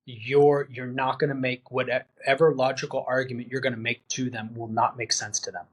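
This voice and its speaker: In a candid interview, a veteran appearing as a podcast guest speaks earnestly and plainly, acting out what his friends said as he tells the story. His husky voice is medium-pitched with little pitch movement, at a normal speed.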